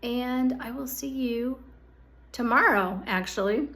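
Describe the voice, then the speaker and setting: A woman with a slightly raised voice speaks straight to her viewers about energy and the body. Her tone is earnest and coaxing, and she keeps checking in with a quick "okay?" as she urges them along. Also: on the high side, a bit bright. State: hiccups. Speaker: psychic energy reader. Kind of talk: direct-to-camera monthly energy forecast.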